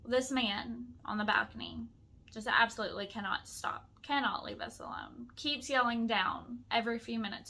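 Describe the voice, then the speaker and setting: Bright-voiced young woman telling a story. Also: on the high side, normal speed. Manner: chatty, full of "like" fillers, acts out quotes. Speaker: vlogger. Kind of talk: casual storytelling.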